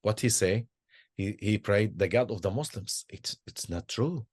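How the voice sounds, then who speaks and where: Older halting man, husky. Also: lowish voice, dry recording, studio quality. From Israel. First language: Arabic. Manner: halting, with many repeated words and restarts. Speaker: Sufi sheikh and peacemaker. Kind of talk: personal storytelling talk.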